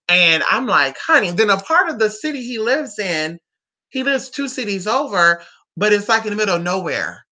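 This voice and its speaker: A young woman vlogger chatting casually and gossiping, with drawn-out "honey" and "girl" asides. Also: on the low side, bright, forceful tone. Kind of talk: casual chat to camera.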